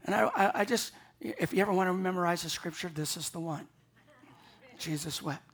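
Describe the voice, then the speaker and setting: A man's voice: high-pitched, brisk, a bit bright, breathy edge. A man preaching an Easter morning sermon, earnest and emphatic, often repeating words as he builds a point. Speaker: pastor.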